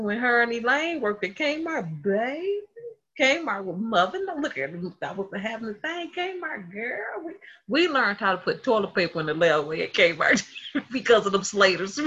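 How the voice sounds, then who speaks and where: Woman, husky, animated storyteller, casual devotional talk, dull lo-fi recording. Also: medium pitch. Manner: animated storyteller, laughs often. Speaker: host of a faith livestream. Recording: dull lo-fi sound.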